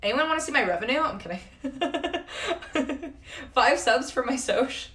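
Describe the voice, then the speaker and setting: A woman's voice: sits high, lively intonation, fast, a bit bright. A woman in her twenties chatting casually on a live stream, answering chat and swearing now and then. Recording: voice somewhat distant from the mic.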